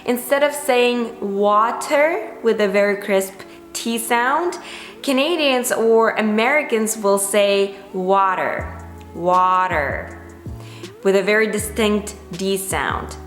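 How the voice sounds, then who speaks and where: A woman's voice: fairly high pitch, a little slow, roomy sound, faint music behind. A woman teaching an English pronunciation lesson, speaking carefully and repeating example words for drill.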